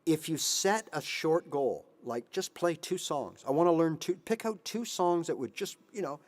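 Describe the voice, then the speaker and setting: A man in his fifties who hosts a guitar channel, giving animated motivational advice on a live stream and now and then singing a line. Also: fairly high pitch, normal speed. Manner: animated, sings snippets, voices his inner brain. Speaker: guitar teacher, channel host.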